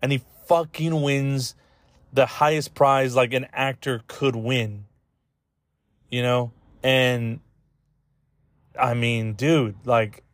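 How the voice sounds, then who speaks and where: A man chatting loosely on a podcast, swearing and rambling through fillers while he chokes up near tears. His voice sits at an everyday middle pitch. The sound is dry and close, with no room echo. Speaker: podcast host. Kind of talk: casual podcast chat.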